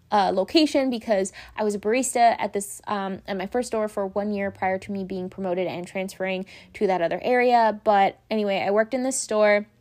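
A young adult woman telling a story in a casual, chatty way, full of fillers like "like" and "um". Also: medium pitch. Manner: chatty, animated, many fillers like "like" and "um". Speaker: vlogger.

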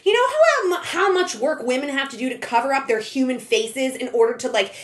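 A woman's voice: sits high, expressive, a little fast. A woman co-hosting a podcast, chatting casually and ranting with strong opinions. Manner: opinionated, ranting, mocking impressions. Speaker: podcast co-host. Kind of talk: casual chat.

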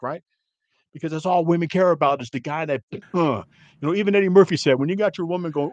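A man's voice: fast, dry recording, muffled recording. Guy podcast host rambling, says "man" every other line, dry close sound. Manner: rambling, heavy filler words like "man" and "you know"; crude, gets loud and high-pitched when worked up. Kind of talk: casual ranting chat.

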